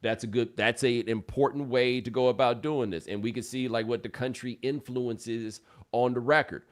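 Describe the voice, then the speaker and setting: Man, podcast host, 40s, casual storytelling, colloquial, mid pitch. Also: normal speed. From United States. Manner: loose, colloquial, animated storyteller.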